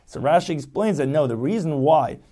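A man's voice: fairly high pitch, expressive, a little fast, warm tone. A man teaching a text as a lecture, explaining step by step and rephrasing each point. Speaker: Talmud teacher.

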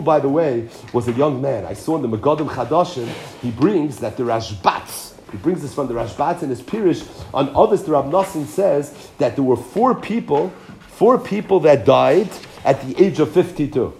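A man giving a Talmud class, reading each line of the text, then translating it and retelling it with animated emphasis. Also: medium pitch, moderate pace, creaky, slight background noise. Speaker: Talmud teacher.

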